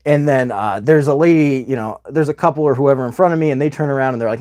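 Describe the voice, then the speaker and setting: A man's voice: medium pitch, fast talker. A man hosting a casual livestream, telling a long rambling story and acting out the other people's lines as he goes. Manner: chatty, rambling, animated retelling with quoted voices. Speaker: livestream host.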